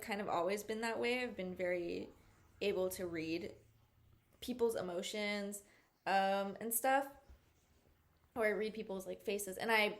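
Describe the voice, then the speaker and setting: A woman hosting a podcast in a casual chat, rambling and searching for words, with lots of "like" and "you know". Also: medium pitch. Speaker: podcast host.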